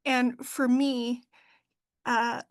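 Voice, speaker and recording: A middle-aged woman, a funeral director, talking heartfelt about her work and faith with many pauses and fillers. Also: a little high, little pitch movement, no echo. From Idaho. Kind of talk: emotional interview talk.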